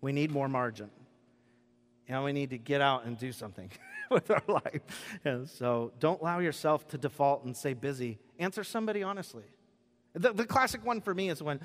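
Joking pastor preaching in a big hall. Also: male voice, fairly high pitch, expressive, moderate pace, fairly bright tone. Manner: conversational, joking, acts out quoted voices. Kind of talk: sermon. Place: church sanctuary. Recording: preached in a large reverberant hall.

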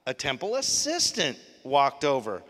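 A man preaching a sermon as pastor, animated, shifting from quiet reflection to loud emphasis. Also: medium pitch, unhurried. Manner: animated, swings from soft to loud. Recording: long hall reverb.

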